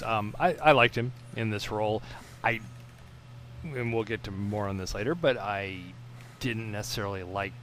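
A middle-aged man from Florida talks through a film in a casual podcast chat, slow and hesitant, often restarting his sentences. His voice sits a little low. A faint ambient hiss runs underneath. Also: a bit bright. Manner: rambling, hesitant, slow and measured. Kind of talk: casual movie discussion.

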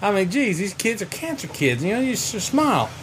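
A man casually retelling a comic book story on a podcast, animated and quick to slip into character voices. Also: high voice, a little hiss or hum. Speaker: podcast co-host.

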